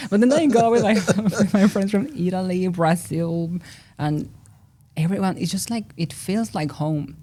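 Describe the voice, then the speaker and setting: A young woman with a Mexican accent, a native Spanish speaker, chatting expressively as a podcast guest who laughs loudly and talks a lot. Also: lowish voice, normal speed, a little hiss or hum. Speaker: guest researcher. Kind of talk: casual podcast interview.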